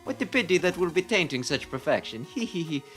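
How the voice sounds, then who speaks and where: A man's voice: mid-range voice, wildly swooping pitch, fast, faint music behind. A man voicing a sinister male mad scientist from a video game, speaking with gleeful, giggly menace. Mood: gloating.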